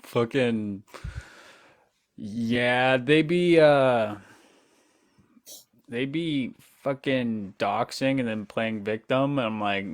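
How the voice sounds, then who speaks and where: A man's voice: medium pitch, extremely slow, long pauses. A man hosting a livestream, chatting loosely and swearing freely, full of "like". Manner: loose, profane storytelling with lots of "like". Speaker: livestream host. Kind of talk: casual livestream chat.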